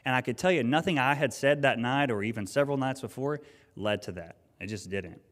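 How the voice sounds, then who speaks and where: A man's voice: medium pitch, fairly quick, fairly bright tone. Earnest man preaching in a reverberant hall. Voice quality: conversational, earnest, many restarts. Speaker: pastor. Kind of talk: sermon storytelling.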